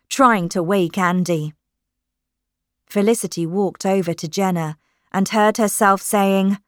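A woman reading a storybook aloud in a measured, clear way. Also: on the low side, no room sound, clean studio sound.

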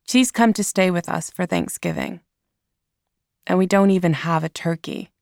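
A woman narrating a storybook in the first person, in a slow, measured reading. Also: on the low side, gravelly, a little mellow, no room sound, studio quality. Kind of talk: scripted audiobook narration.

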